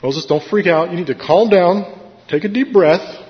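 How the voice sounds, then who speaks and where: A man voicing God as a stern father figure, firmly telling a frightened leader to calm down and listen. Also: high-pitched, moderate pace, big-room sound, muffled recording, voice pushed up, close to an everyday voice. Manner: firm, snapping someone back to reality.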